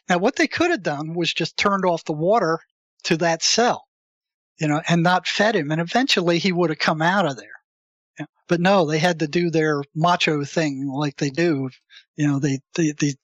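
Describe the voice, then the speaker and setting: A man's voice: fairly high pitch, a bit bright, dry recording. A man telling a prison story in an interview, acting out the people he quotes, with frequent restarts. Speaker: interview guest.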